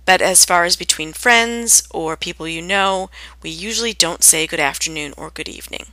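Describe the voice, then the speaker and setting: Woman, English teacher, bright tense tone, dry close sound, clear deliberate delivery. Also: fairly low pitch, no room sound. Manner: clear, deliberate, acts out example phrases brightly. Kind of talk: scripted lesson on spoken greetings.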